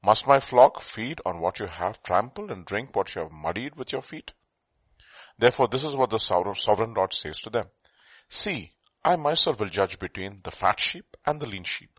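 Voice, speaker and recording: A man's voice: lowish voice, animated, moderate pace, fairly bright tone, breathy edge, no room sound. A man assisting a pastor, reading a Bible passage aloud. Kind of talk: Bible reading and brief replies.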